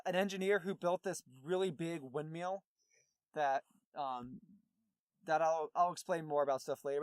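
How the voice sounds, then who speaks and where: A man's voice: on the high side, no room sound, studio quality. A man co-hosting a podcast, recapping a movie in a rambling, casual way with many fillers and restarts. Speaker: podcast co-host.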